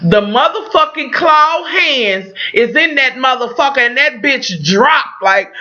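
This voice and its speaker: Loud, profane woman vlogger recapping TV. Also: high voice, expressive, moderate pace, hardly any pauses, highs cut off. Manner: profane, dramatic, talks straight to viewers. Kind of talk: animated casual recap.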